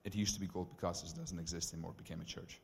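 South African male pastor, lowish voice, casual storyteller, reverb of a big church hall. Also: very fast, vocal fry. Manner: casual, animated storytelling with frequent "like" and "right?". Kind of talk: storytelling sermon.

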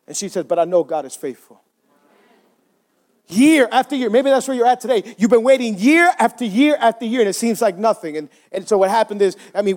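A man preaching a sermon in a church as pastor, with an impassioned delivery that climbs high when he voices cries to God. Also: a little mellow.

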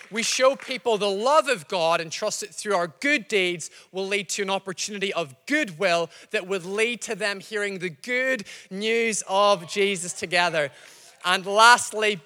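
A man addresses his congregation with a rousing, emphatic appeal, pushing his voice up to near-shouts on the key lines. His voice sits high and sounds bright and forceful. The sound carries the long reverb of a large hall. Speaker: church leader. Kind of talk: church vision and giving appeal.

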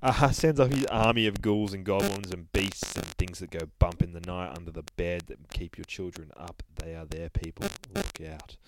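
A man's voice: low voice, steady tone, moderate pace, hardly any pauses, background noise. A man hosting a podcast, casually retelling a comic in a rambling, profane, laughing way. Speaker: podcast host reviewing a comic.

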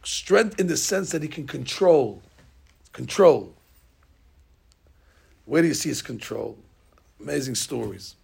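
A man teaching a Talmud class, telling stories in an animated way and acting out the lines. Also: a little high, unhurried, creaky, pauses often, husky. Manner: animated storyteller, acting out lines with rising shouts. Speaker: Torah teacher.

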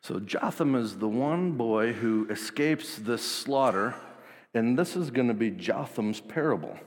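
A man's voice: medium pitch, expressive, a little slow. A man preaching in a casual, jokey, slangy way, retelling a story. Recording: long hall reverb.

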